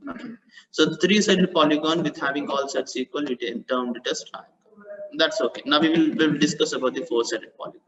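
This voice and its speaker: A man's voice: fairly high pitch, a little fast, a crowd in the background. A man teaches maths in a live online class. He repeats his phrases, corrects himself as he goes and praises his students. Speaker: maths tutor. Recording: dull lo-fi online call audio.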